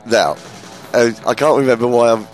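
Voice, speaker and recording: A man's voice: mid-range voice, moderate pace, faint music behind. A man hosting a casual radio chat, enthusiastic and rambling, often restarting his sentences. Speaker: radio show host.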